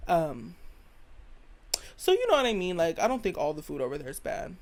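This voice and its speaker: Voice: mid-range voice, huge pitch swings, normal speed, darkish tone. Chatty slangy American podcast host. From United States. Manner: chatty, slangy, opinionated, rambling. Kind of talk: solo opinion podcast monologue.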